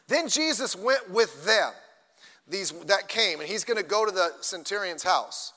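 An older man who is a grandfather, preaching a conversational sermon in church with asides and sudden loud bursts. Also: very high voice, long reverb tail. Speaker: pastor. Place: church sanctuary.

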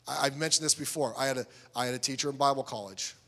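A man's voice: medium pitch, fast talker, bright, forceful tone, in a large hall. A middle-aged man preaching a sermon as a pastor, telling stories and acting out both sides of conversations.

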